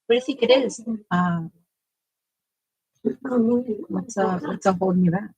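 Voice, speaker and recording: A woman's voice: mid-range voice, unhurried, darkish tone, husky, no echo, rough recording. A woman chatting casually while painting at home, cooing sing-song at her dogs. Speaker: artist and vlogger.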